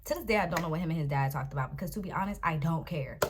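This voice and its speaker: A young woman's low voice races through a dramatic storytime vlog, with slight noise in the background. Animated and talking straight to viewers, she calls them "y'all" and "baby."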